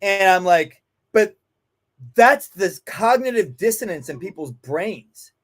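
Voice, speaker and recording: Guy telling stories on a podcast, pretty high voice, goes all over the place pitch-wise, cusses a bunch. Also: lively intonation, takes it slowly. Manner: profane, emphatic, acts out quoted voices. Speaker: dog trainer and security consultant, guest. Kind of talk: animated storytelling in casual conversation.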